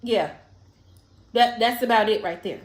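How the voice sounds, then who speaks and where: A high-pitched woman gives blunt, emphatic advice in a casual monologue, repeating her lines to drive them home. Her voice rings in an echoey room. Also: unhurried. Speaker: tarot reader.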